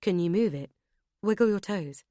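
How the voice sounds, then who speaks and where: A woman voicing an impatient husband who turns gently caring, read in an audiobook. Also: medium pitch, lively intonation, normal speed, no echo, clean studio sound, lightly acted. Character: impatient, fussing husband, grown man.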